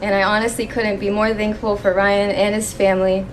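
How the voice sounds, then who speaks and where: A young woman giving a maid of honor toast at a wedding reception, reading from her phone and pausing when she gets emotional. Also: medium pitch, slight background noise. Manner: emotional, pausing to steady herself.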